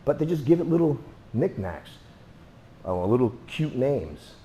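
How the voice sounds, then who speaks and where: A man's voice: mid-range voice, very animated, a little slow, warm tone, a little hiss or hum. A man teaching martial arts. He coaches students through drills with repeated, emphatic cues and counts out the moves.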